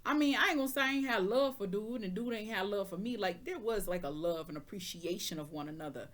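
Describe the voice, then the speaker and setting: A woman's voice: mid-range voice, quick pace. A woman giving a casual tarot reading, sassy and chatty, talking straight to the viewer in loose slang and asking if they understand. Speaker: tarot reader.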